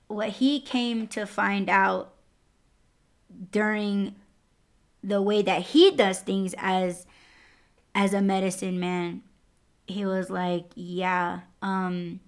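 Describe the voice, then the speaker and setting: A young adult woman hosting a podcast, telling a personal story in a candid, profane, casual way. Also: medium pitch. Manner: candid and profane, lively swings in loudness. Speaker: podcast host.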